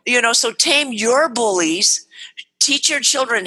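Animated, bright-voiced woman guest. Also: on the high side, slow pace, husky, poor audio. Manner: animated, acts out parent dialogue. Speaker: guest author and parenting speaker. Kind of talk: animated interview talk.

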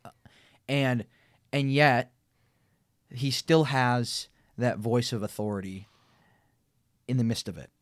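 A man co-hosting a casual Bible discussion podcast, talking in an animated way with frequent laughs and restarts. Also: mid-range voice, slow, pauses often, dry recording, studio quality. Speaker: podcast co-host.

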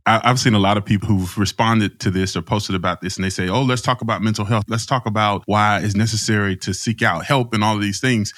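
A man's voice: on the low side, fairly even intonation, fast, hardly any pauses, a bit bright, dry recording, studio quality. A man co-hosting a casual podcast chat, easygoing and playful, laughing often. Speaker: podcast co-host.

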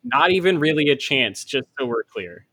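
A man's voice: fairly high pitch, big pitch swings, moderate pace, bright, forceful tone, husky, no room sound. Sarcastic man on a dry mic. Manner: sarcastic, swearing, argues points. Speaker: podcast co-host. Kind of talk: casual chat.

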